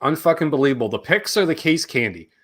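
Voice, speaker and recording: A man's voice: on the high side, animated, fast, fairly bright tone, breathy edge. A man hosting a casual livestream chat with a Canadian accent, loose and joking, swearing freely. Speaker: host.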